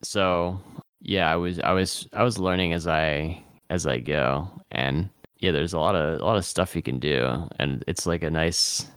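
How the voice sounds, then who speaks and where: A man's voice: low voice, unhurried, a bit bright, clear, resonant tone, no room sound, clean studio sound. A young man playing a tabletop game for the first time as a guest, talking hesitantly and repeating words. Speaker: guest player. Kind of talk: casual tabletop game play.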